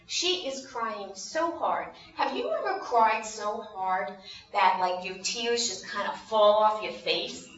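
Speaking slowly in a mid-range voice, a woman animatedly tells a Bible story to a group of children and asks them questions along the way. The recording sounds roomy, distant and dull.

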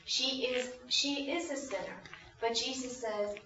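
A woman's voice: fairly high pitch, a little slow, slight background noise. A woman telling a Bible story to a group of children, asking them questions as she goes. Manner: animated, asks the children questions. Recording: roomy, distant, dull sound.

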